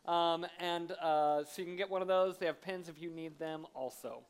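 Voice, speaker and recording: A man, a guest preacher giving a sermon in a church, lively and self-deprecating as he acts out funny stories. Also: a little high, normal speed, clean tone. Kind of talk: sermon with humorous storytelling. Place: church sanctuary.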